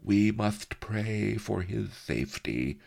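A man's voice: lowish voice, animated, a little slow, vocal fry, pitched above the performer's own voice. A man voicing a blustering, paranoid villain viceroy. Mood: oily. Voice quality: blaring, then lisping and oily.

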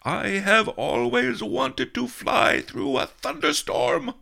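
A man voicing an irritable old male sage who mutters in a high, strained, cracking voice, in an audiobook. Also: wildly swooping pitch, extremely slow, gravelly, pushed and bright, exaggerated voice. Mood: gleeful. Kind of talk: audiobook character voice.

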